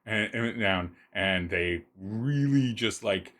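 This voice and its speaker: A man narrating a tabletop roleplaying game as game master, describing scenes in a halting way with many restarts. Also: fairly low pitch, a bit bright.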